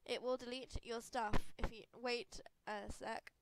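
A woman's voice: fairly high pitch, level tone, unhurried, background noise. A woman with a cold, congested and sniffly, giving giggly, rambling, self-deprecating commentary over a video game. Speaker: gaming video creator. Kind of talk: casual gameplay commentary.

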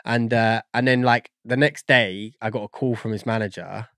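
A man's voice: lowish voice, steady tone, moderate pace, a bit bright, no echo. Rambling man, dry close sound. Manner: rambling, searching for words with many fillers. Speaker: guest audio engineer. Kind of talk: casual podcast chat.

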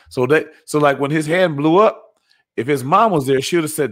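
A man in casual sports chat, telling stories in an animated, joking way. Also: on the high side, a little fast. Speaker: sports talk co-host.

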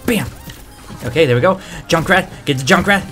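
A man giving excitable let's-play commentary, trash-talking and breaking into shouted outbursts. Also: on the high side, brisk, soft background music. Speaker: gamer and video creator.

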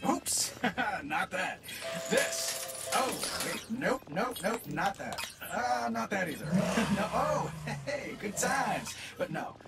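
A man's voice: high voice, lively intonation, slow, gravelly, full character voice. An actor playing a playful male AI weapons assistant in a video game, fumbling with goofy banter. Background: game music.

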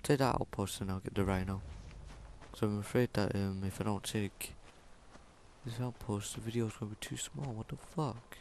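A man giving let's-play commentary, swearing constantly and yelling at enemies in the game. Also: fairly low pitch, fairly even intonation, normal speed, a little hiss or hum. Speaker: gameplay commentator.

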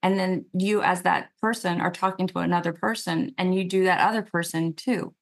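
A woman's voice: on the low side, steady tone, moderate pace, vocal fry. A woman from the American South hosting an interview, effusive and repeating her praise. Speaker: talk show host. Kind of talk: casual interview chat.

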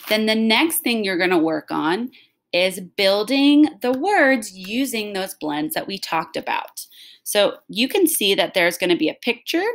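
A woman's voice: medium pitch, fairly bright tone. A woman teaching a recorded phonics lesson to young children, talking patiently and stretching out the sounds of words.

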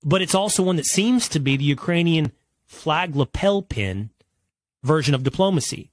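An American man delivers a forceful opinion monologue in a fairly high voice. He hammers his points with rhetorical questions and slowed, stressed phrases. The sound is dry and close. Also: expressive, dry recording. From United States. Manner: emphatic, rhetorical, drawn-out stresses. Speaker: political commentator.

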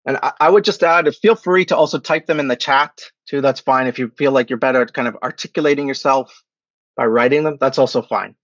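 A man's voice: medium pitch, fairly quick, fairly bright tone, no echo. A man giving an academic lecture over a video call, checking in with "okay?" and "right?" after each point. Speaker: guest lecturer. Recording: dry, dull lo-fi call audio.

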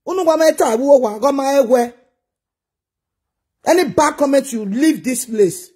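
A woman's voice: sits high, unhurried, dark tone. A woman with a Nigerian accent ranting bluntly in a casual vlog, scolding commenters in heavy pidgin.

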